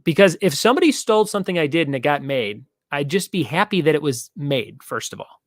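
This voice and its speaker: Young guy hosting trivia live, kinda high voice, jokey and rambly, dry close sound. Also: big pitch swings, a little fast, dry recording. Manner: joking, rambling, reads out viewer comments. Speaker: trivia show host. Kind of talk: casual live-stream trivia chat.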